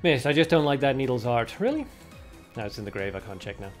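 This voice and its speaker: A man's voice: medium pitch, sing-song, fast talker. A man streaming a card game and chatting casually with his viewers. He thinks aloud and leans on lots of fillers as he plays. Faint game music runs underneath. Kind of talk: casual livestream commentary.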